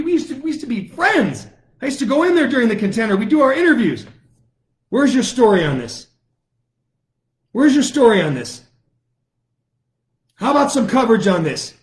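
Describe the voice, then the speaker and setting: A middle-aged man from the United States, hosting his own online show and delivering a combative political monologue full of taunting, repeated challenges. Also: very high-pitched. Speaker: lawyer and online show host.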